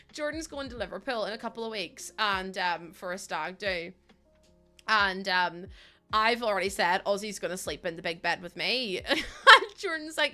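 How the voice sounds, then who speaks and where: A chatty woman talks on her live stream in a bright, clear voice. She laughs often and answers her chat as she goes. Faint music plays behind her. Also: mid-range voice.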